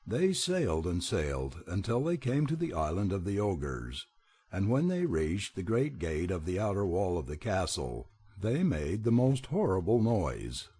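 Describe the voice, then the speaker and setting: A man narrates a children's tale with lively, animated expression. His voice is low and mellow, with a husky, slightly breathy grain. The reading swings freely up and down in pitch. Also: measured pace. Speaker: audiobook reader. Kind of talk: storybook narration.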